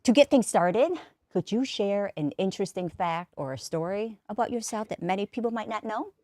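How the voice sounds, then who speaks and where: Expressive woman host, dry close sound. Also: mid-range voice, moderate pace, dry recording. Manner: upbeat, expressive promotional delivery. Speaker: show host. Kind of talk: reading a scripted intro, then interviewing.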